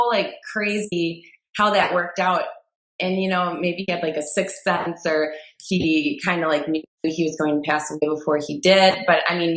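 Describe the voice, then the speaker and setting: A woman's voice: low voice, a bit bright. A woman with a Midwestern American accent, a fitness trainer telling a personal story as a guest in a chatty way with many fillers. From Wisconsin, USA. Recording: roomy echo.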